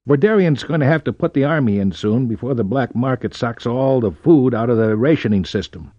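A man's voice: mid-range voice, lively intonation, fairly quick, mellow, dry recording, muffled recording, lightly acted. A man voicing a wry, streetwise young officer in an audiobook, speaking in a dry, knowing way. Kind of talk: audiobook character voice.

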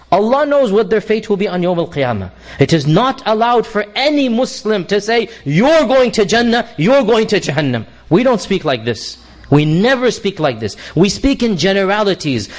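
A middle-aged man giving a Quran commentary lecture, reciting Arabic verses quickly and explaining them in English with emphatic repetition. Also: high-pitched. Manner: emphatic, repeats key phrases. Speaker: Islamic lecturer.

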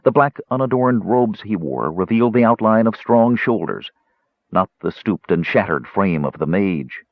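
A man narrating an audiobook in an expressive, measured reading. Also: fairly low pitch, no echo. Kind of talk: scripted narration. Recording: slightly muffled audio.

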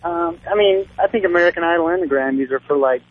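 A man's voice: on the high side, fast. Laid-back young male radio caller. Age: young adult. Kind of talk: casual phone call to a radio show. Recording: dull lo-fi phone line.

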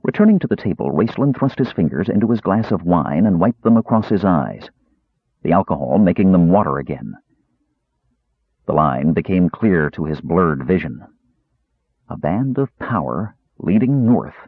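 A man narrating a fantasy novel in an expressive storytelling way. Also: low-pitched, normal speed, husky, no echo. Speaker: audiobook narrator. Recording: dull lo-fi recording.

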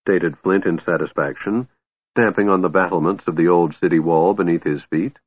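A man narrating a fantasy audiobook in a measured, expressive way. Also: rumbling low, breathy edge, dry recording. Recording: dry, phone-like narrow band.

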